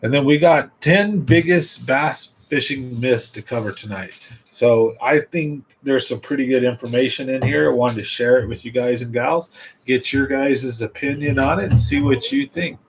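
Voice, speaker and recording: A man's voice: medium pitch, normal speed, slight background noise, rough recording. A man hosting a fishing livestream in a casual, rambling way, chatting straight to his viewers.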